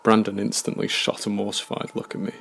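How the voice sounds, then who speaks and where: A man narrating a scripted horror story in a measured, somber way. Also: fairly low pitch, monotone, a bit bright, a little hiss or hum.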